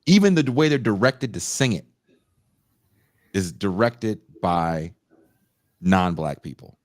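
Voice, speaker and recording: A male podcast host telling a long story in a loose, profane, animated way. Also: low voice, slow, no echo, studio quality. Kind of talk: casual storytelling chat.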